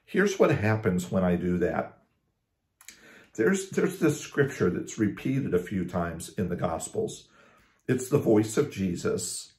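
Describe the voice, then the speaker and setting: Low, mellow-voiced male pastor. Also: very animated, reverberant. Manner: conversational, with frequent restarts and slow emphasis on scripture. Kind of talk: casual devotional talk.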